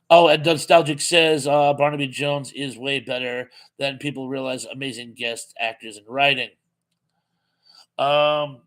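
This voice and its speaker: A man's voice: mid-range voice, fairly bright tone. A man hosting a live-streamed TV trivia quiz in a casual, chatty way, reading out viewer comments and laughing at his own jokes. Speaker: live show host running a TV trivia quiz.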